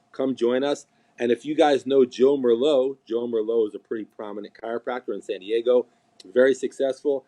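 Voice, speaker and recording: Man, chiropractor, live-stream chat, relaxed dark tone, lively storyteller. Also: medium pitch. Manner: animated storyteller, acts out quoted patients. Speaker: chiropractor and seminar teacher.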